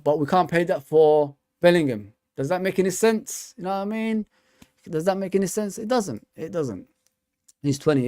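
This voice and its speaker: Rambling slangy man, bright and dry. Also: sits high, clear, resonant tone, no echo. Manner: rambling, repeats himself, slangy. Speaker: fan channel host. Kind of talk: casual live stream chat.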